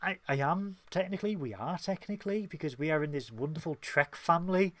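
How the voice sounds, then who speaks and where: Animated and a little fast, a Northern English man with a fairly high, fairly bright voice co-hosts a casual podcast, speaking emphatically and with real passion. The recording has no room sound.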